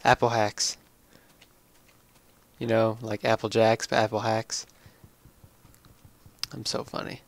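A tired young man slowly rambling through casual commentary on his own game. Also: lowish voice, little pitch movement, creaky. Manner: slow, drowsy, rambling. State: tired, yawning. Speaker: let's play gamer.

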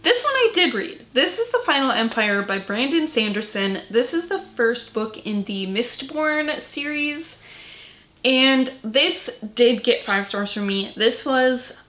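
Sleepy woman rambling about books, kinda high voice, swears a lot, echoey room. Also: lively intonation, a little slow, a bit bright, slight background noise. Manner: rambling, swears casually, many fillers. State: tired, yawning. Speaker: book vlogger. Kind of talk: casual chat.

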